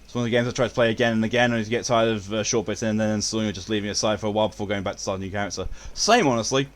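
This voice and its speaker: A man's voice: on the low side, fairly even intonation, rapid-fire. A young man streaming a game, joking crudely and reading out chat. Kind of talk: casual live-stream chat.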